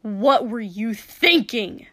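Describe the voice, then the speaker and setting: A woman voicing a hot-tempered teenage boy who snaps and shouts angrily. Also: fairly high pitch, lively intonation, slow, exaggerated voice. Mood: angry. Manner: loud, snapping.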